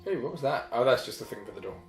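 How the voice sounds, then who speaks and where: A man's voice: mid-range voice, big pitch swings, rapid-fire. A man giving jokey, casual commentary over a video game he is playing, swearing and putting on silly voices. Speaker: let's play commentator. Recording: roomy home recording with game music.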